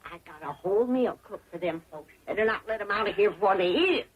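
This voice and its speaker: An actress playing a feisty older hillbilly grandmother in a 1960s sitcom, sharp-tongued. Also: medium pitch, expressive, quick pace, lo-fi sound, background noise, close to an everyday voice. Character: feisty old hillbilly granny, the cook. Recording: old TV audio with laugh track.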